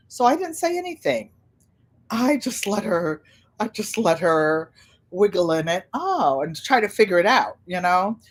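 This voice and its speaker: An older woman hosting a casual livestream, chatting and telling stories with animated quoted voices. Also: mid-range voice. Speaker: channel host.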